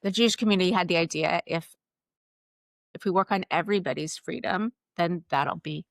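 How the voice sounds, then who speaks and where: A woman hosts a live interview, speaking in earnest, thoughtful phrases. Her voice sits fairly low. The sound is dry and close, with no room echo. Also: a little fast, creaky. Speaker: podcast host.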